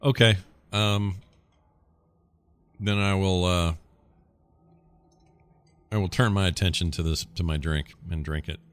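Deep-voiced man playing a tabletop game. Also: fairly even intonation, slow, long pauses, smooth. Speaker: player. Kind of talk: tabletop role-play.

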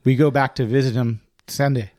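A man's voice: mid-range voice, fairly even intonation, fairly quick, a little mellow, no echo, clean studio sound. Laid-back man in his forties saying dude. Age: 40s. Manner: laid-back, calls everyone dude, swears freely. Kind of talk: casual chat.

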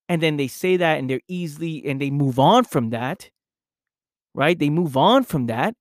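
A man hosting his own podcast, talking slowly and deliberately in a reflective monologue, often repeating phrases for emphasis. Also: on the high side, lively intonation, no echo, clean studio sound. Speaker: podcast host, personal coach.

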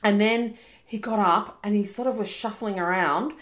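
A podcast co-host with a mid-range voice and moderate pace chats casually and tells stories animatedly, acting out the different voices herself.

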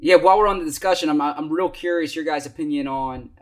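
Hesitant, somewhat high-voiced male co-host. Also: fast talker. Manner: hesitant, full of restarts and fillers, asks questions. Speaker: podcast co-host. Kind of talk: casual sports podcast chat.

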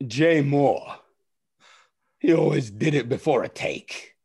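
A man spins set stories in an easygoing chat, cursing freely and jumping into quoted voices. His pitch swings widely as he talks, and he sits at an ordinary middle register. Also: slow, gravelly, husky. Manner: animated, profane, often acts out quotes. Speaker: actor telling on-set stories. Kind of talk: casual storytelling chat.

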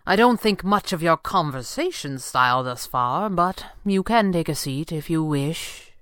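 A woman's voice: low voice, expressive, a little slow, fairly bright tone, smooth, no room sound. Woman voicing wealthy young man, casual, dry, cold. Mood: wry. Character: cool wealthy young gentleman.

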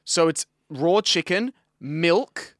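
A man's voice: a little high, lively intonation, slow pace, a bit bright, dry recording, studio quality. Laid-back young Australian man chatting. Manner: laid-back storytelling with slang and fillers. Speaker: podcast co-host. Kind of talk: casual chat.

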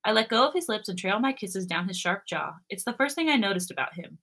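A woman podcast co-host reading romance fan fiction aloud, expressive and sometimes breaking into giggles. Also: mid-range voice, fast talker.

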